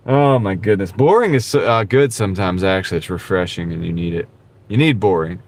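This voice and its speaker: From the driver's seat while gig driving, a man with a slightly low voice chats casually with his live-stream viewers. He rambles in a relaxed way, tossing in "dude" now and then, and is recorded on a wireless clip-on mic.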